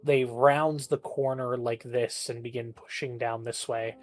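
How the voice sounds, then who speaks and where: A woman running a tabletop game as game master, narrating in a relaxed, unhurried way. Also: a bass voice, faint music behind.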